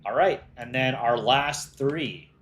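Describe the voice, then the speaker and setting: A man's voice: medium pitch, takes it slowly, a bit bright, a little hiss or hum. A man casually hosting a livestream, chatting with viewers in a loose way with restarts and frequent laughter. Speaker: animator and livestream host.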